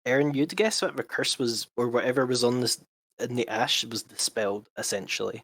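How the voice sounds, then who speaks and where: A man narrating as game master of a tabletop role-playing game, explaining events to the players in a measured way. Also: medium pitch, a bit bright, dry recording.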